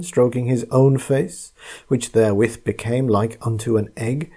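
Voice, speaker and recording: Mellow, husky male storyteller. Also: medium pitch, fairly even intonation, unhurried. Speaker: narrator. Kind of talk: scripted storybook narration.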